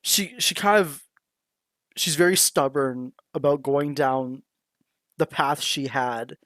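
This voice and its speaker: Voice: medium pitch, slow pace, a bit bright. A podcast co-host in casual chat, hesitant and prone to restarting sentences. The sound is dry, with no room echo.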